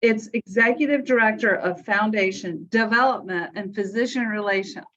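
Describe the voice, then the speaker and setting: A woman's voice: medium pitch, normal speed, fairly bright tone. A middle-aged woman, a hospital foundation director chatting casually as a guest, self-deprecating and talkative. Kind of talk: casual chat. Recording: dull, lo-fi remote audio.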